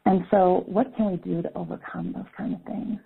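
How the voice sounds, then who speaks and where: A woman's voice: fairly low pitch, little pitch movement, moderate pace, creaky, husky. A woman giving an earnest teaching presentation at an online caregiver summit, repeating key words for emphasis. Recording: phone-line telesummit audio.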